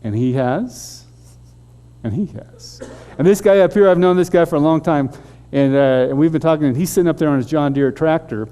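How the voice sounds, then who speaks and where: A man preaching a storytelling sermon as a pastor, animated and halting with frequent restarts. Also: a little high, smooth.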